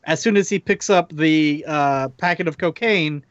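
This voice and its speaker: Measured male podcast co-host, slightly high voice, dull lo-fi recording, dry. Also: no room sound. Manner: measured, many ums and likes. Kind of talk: casual chat.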